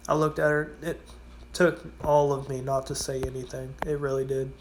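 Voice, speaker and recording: Speaking at a moderate pace in a flat, medium-pitched monotone, a man tells rambling stories from his gas station job for a casual vlog, with a faint hiss or hum in the audio. He curses freely and impersonates the customers.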